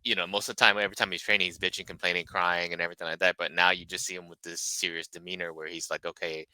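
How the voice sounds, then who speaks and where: Very deep, bright-edged male podcast guest. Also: level tone, dry recording, rough recording. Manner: halting, many restarts. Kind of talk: casual podcast chat.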